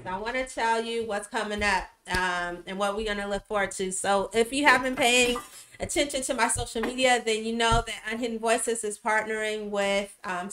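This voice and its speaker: A woman's voice: mid-range voice, reverberant. A woman hosting a casual livestream, greeting viewers by name with many fillers. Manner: warm shout-outs to viewers, many fillers. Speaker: livestream host.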